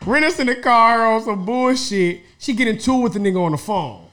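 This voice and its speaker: High, lively man telling a story. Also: a little fast. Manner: animated, laughs often, acts out voices in stories. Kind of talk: casual storytelling chat.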